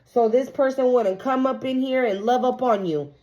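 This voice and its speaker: A woman's voice: a little high, darkish tone, muffled recording. A woman doing a casual tarot reading for her viewers, emphatic and profane. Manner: emphatic, profane, slow and drawn out. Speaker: tarot reader.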